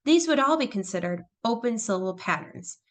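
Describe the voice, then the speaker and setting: A woman's voice: on the high side, animated, fairly quick. A woman teacher explaining phonics patiently, step by step. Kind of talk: phonics lesson narration.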